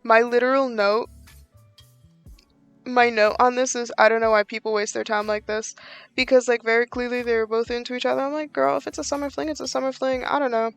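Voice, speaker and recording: A woman's voice: fairly high pitch, flat delivery, fairly quick, creaky, smooth, dry recording, faint music behind. A woman giving a casual book review, chatty and exasperated, with lots of "like" fillers.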